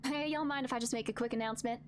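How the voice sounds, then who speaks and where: A woman's voice: on the high side, steady tone, racing, slight background noise, close to an everyday voice. A woman putting on a folksy Southern young councilwoman. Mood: earnest. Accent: put-on Southern US. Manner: folksy, earnest.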